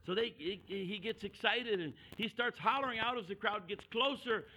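Preacher guy telling a story in a sermon, high bright voice, goes from hollering to real quiet. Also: normal speed, poor audio. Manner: animated, acts out characters' voices, swings from hollering to hushed.

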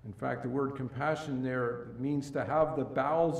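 A man preaching a sermon in a church. He swings between loud, emphatic rises and quiet, low passages, and often restarts and repeats words. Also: steady tone, normal speed, vocal fry, few pauses. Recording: echoey room, mic at a distance.

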